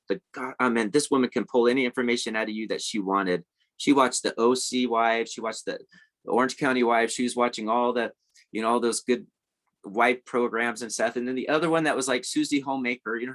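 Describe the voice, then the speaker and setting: एक साधारण आवाज़ वाला आदमी, इंटरव्यू में अटकते-अटकते किस्सा सुनाता हुआ. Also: male voice, mid-range voice, fairly bright tone. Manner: rambling, with many fillers and restarts. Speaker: guest. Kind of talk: casual interview storytelling.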